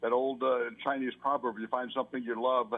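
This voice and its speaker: An older sportscaster from New York talks on a radio show through a tinny, phone-like line. His answers run long and loop back on themselves with many restarts. His pitch sits in the middle range for a man. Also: flat delivery, fairly quick. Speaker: sportscaster guest. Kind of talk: casual radio interview.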